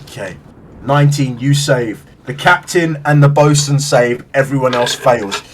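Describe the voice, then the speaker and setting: A man's voice: medium pitch, a little slow, recorded from a distance, noisy background. A man narrating as game master, describing scenes vividly and swearing freely.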